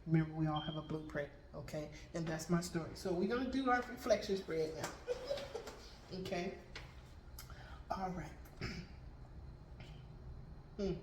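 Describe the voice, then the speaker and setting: A middle-aged woman, Reiki master and tarot reader, relates spiritual stories to viewers, checking in with "okay?" after nearly every point. Her voice is on the low side and a little slow, with long pauses. The background is noisy, and the roomy space carries faint ambience.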